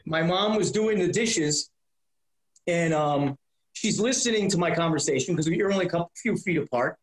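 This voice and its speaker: High-voiced man telling stories, roomy. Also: moderate pace. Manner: profane, acts out voices in anecdotes. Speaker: comedian being interviewed. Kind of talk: animated storytelling. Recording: roomy echo.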